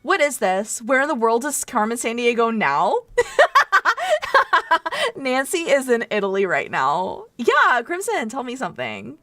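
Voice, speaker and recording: A woman's voice: on the high side, huge pitch swings, measured pace, a bit bright, dry recording, faint music behind. A young woman with a Californian accent, streaming a game in casual, giggly chat. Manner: giggly, playful, laughs often.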